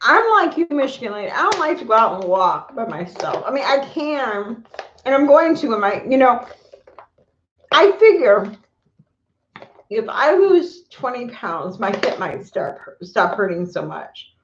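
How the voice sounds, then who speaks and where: A woman's voice: fairly high pitch, very animated, a little slow, slight background noise. A middle-aged woman chatting casually on a live stream at home, talking to viewers and her pets, recorded on a phone or camera mic. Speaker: vlogger. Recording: echoey room, dull lo-fi sound.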